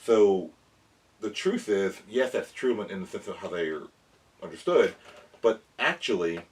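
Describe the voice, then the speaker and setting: A man with a lowish voice and lively intonation hosts a casual toy review and science explainer for kids, speaking a little slowly. He's chatty and rambling, often correcting himself as he addresses the children. His voice sits a bit far from the mic, with faint background noise.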